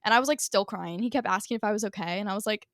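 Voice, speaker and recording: A woman's voice: mid-range voice, rapid-fire, a bit bright, dry recording, clean studio sound. A young woman co-hosting a podcast, telling a story in a casual, gushing way and saying "like" constantly. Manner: gushing, fills nearly every phrase with "like". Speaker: podcast co-host.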